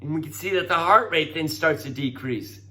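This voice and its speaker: A middle-aged man giving a classroom lecture, coaxing and animated, acting out voices as he explains. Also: fairly high pitch, moderate pace. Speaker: teacher.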